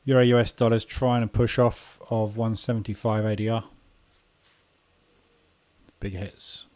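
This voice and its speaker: A man's voice: on the low side, flat delivery, a little slow, darkish tone. A man hosting a live trading room, giving casual market commentary and thinking aloud as he watches the charts.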